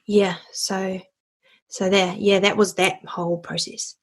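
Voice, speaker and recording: A woman's voice: mid-range voice, little pitch movement, slow pace. A young woman from New Zealand in a casual interview, chatty and bubbly, laughing often as she tells her story. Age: young adult. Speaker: interview guest, voice actor and singer.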